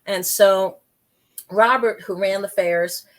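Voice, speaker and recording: A woman guest on an interview show, telling a story in a lively, chatty way with quick asides. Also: mid-range voice. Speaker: guest, intuitive life coach and medium.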